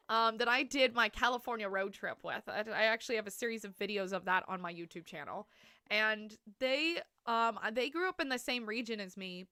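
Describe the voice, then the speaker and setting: A woman from Canada, chatting casually with viewers as she comments on her gameplay, rambling, full of "like" fillers and quick to laugh. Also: medium pitch, pushed and bright, smooth, no room sound. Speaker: streamer.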